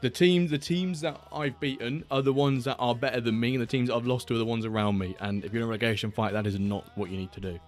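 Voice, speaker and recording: A man's voice: mid-range voice, steady tone, fast, hardly any pauses. A man hosting a casual live stream, rambling and reading out viewer messages. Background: faint background music.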